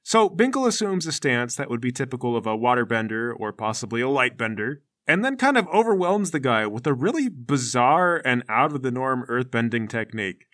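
Guy running a tabletop game, bright voice, lively and playful narrating. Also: mid-range voice, fairly quick, hardly any pauses. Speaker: game master.

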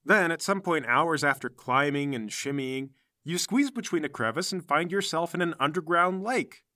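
A man's voice: on the high side, expressive, moderate pace, pushed and bright, no echo, studio quality. A man narrating as game master of a tabletop game, describing the scene steadily.

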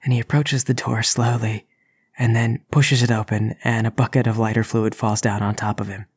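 Husky-voiced man narrating a tabletop game. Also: on the low side, flat delivery, normal speed. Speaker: game master.

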